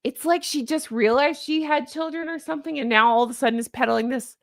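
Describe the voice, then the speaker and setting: Woman, livestream host, casual commentary, opinionated, chatty, fairly high voice, dry close sound. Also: brisk, dry recording. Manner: chatty, opinionated, reads viewer comments aloud. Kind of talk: casual commentary to a live chat.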